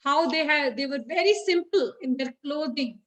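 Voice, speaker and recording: A woman's voice: high-pitched, moderate pace, fairly bright tone, low-quality recording. A woman, teaching children by retelling a story in a chatty way, with many fillers and questions to the class.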